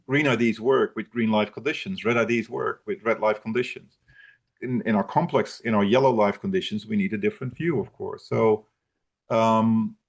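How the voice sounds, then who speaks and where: A man presenting and answering audience questions in an online talk, speaking haltingly with many fillers and restarts. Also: lowish voice, vocal fry.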